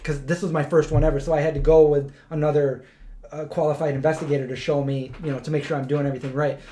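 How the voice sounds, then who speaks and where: A man's voice: a little high, flat delivery, quick pace, mellow. Man telling rambling stories. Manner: rambling storyteller, restarts, acts out quotes. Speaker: host. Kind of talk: casual live-stream chat.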